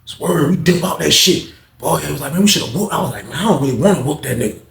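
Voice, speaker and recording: A man telling a story casually to the camera in slangy talk, loudly acting out the other people's lines. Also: a little high, quick pace, vocal fry, reverberant. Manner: animated, acts out quotes loudly, slangy. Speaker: vlog storyteller.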